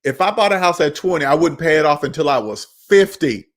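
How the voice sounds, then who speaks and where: A man's voice: fairly high pitch, animated, a little fast. A man hosting a personal finance channel, talking in an emphatic, preachy way, repeating his points and scolding viewers. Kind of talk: emphatic monologue.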